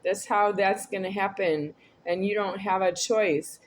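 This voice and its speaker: Woman, slow drawn-out delivery, rambling solo monologue, repetitive, quiet then raised. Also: mid-range voice, fairly even intonation, a little hiss or hum. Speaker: video creator.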